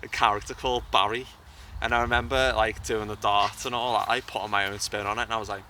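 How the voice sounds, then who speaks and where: This young man's voice is fairly low, level and sharp, and he talks fast. As an interview guest, an actor and YouTuber, he discusses acting casually outside by a bridge, often starting his sentences over. He's recorded from afar, with faint outdoor sounds.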